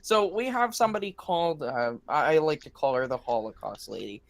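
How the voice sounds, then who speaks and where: A man on a podcast slowly starting a story, with many pauses and fillers. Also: a little high, big pitch swings, creaky. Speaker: podcast co-host. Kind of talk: casual chat.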